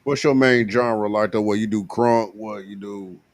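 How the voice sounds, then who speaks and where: A man's voice: fairly low pitch, steady tone, moderate pace, no room sound. A man co-hosting a casual talk show, joking and cursing while asking guests questions. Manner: joking, profane, asks questions. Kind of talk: loose casual banter.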